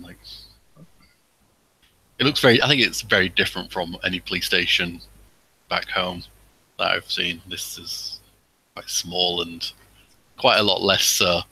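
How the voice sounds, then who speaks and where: A man's voice: sits low, unhurried, long pauses, bright, forceful tone, a little hiss or hum, rough recording. A man playing a tabletop role-playing game, talking hesitantly with many fillers. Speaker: player. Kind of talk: casual tabletop play.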